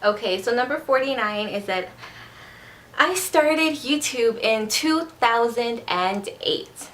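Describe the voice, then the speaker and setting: Woman vlogger, Spanish native, mid-pitched voice, casual rambling chat, slight slur when quick, faint noise behind. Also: a bit bright. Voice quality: slurs words when talking fast. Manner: chatty, rambling, repeats herself. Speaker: beauty vlogger.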